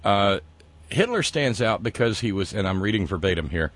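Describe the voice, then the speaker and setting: A man with a low voice talks in a loose, rambling way and keeps circling back with fillers and restarts. His tone is sarcastic and chatty, like casual banter between co-hosts. The sound is dry and close, with no room around it. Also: big pitch swings, moderate pace, a bit bright, dry recording. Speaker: podcast co-host.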